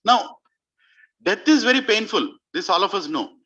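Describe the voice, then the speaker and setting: Emphatic preacher, lively bright voice. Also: male voice, high-pitched, normal speed, dull audio. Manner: emphatic, questioning the audience. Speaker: spiritual speaker. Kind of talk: devotional sermon storytelling. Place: community clubhouse hall before an audience.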